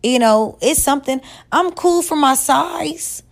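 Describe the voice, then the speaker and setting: A woman vlogger giving relationship advice in a blunt, profane, scolding rant, stretching words and jumping up in pitch for emphasis. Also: unhurried. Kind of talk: casual rant to camera.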